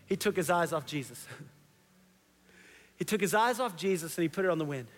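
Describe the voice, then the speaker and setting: A man's voice: on the high side, lively intonation, a little fast, big-room sound. A man preaching a sermon as pastor, conversational and impassioned, repeating key phrases.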